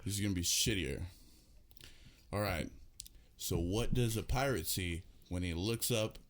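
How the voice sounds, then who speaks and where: A man's voice: sits low, unhurried. A man hosting a podcast in casual chat, teasing and joking with his guests. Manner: jokey, teasing, laughs often. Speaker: podcast host.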